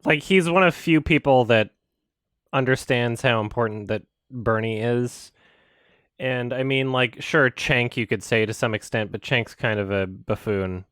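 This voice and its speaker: A man's voice: mid-range voice, unhurried, fairly bright tone, clear, resonant tone, no echo, clean studio sound. A man chatting casually about politics in a blunt, swearing way.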